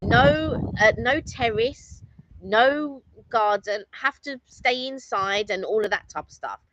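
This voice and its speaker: A woman with a fairly high, very lively voice chats on a live stream, teasing and talkative. The sound is dry and a little dull. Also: slow pace, background noise. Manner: chatty, teasing, animated. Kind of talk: casual live-stream chat.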